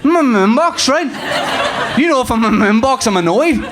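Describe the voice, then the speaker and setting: A man in his thirties doing a stand-up comedy routine, telling a story with animated delivery and acting out conversations. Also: very high voice, normal speed, a crowd in the background, noisy background.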